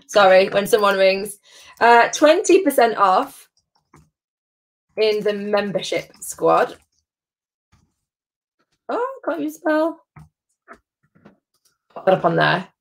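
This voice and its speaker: A woman's voice: mid-range voice, a little slow. A woman hosts a live-streamed tasting from home. She chats in a bubbly way and greets viewers by name. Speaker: host of a live gin tasting.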